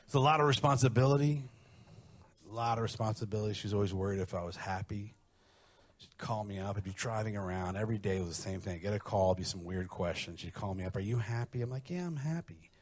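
A man performing a crude stand-up routine, telling stories deadpan and acting out the quotes. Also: on the low side, fast. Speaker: stand-up comedian.

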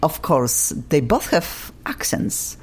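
Gushing low-voiced woman talk show host. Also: slow, husky. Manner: gushing, excitable, flowery compliments. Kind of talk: effusive interview chat. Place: studio.

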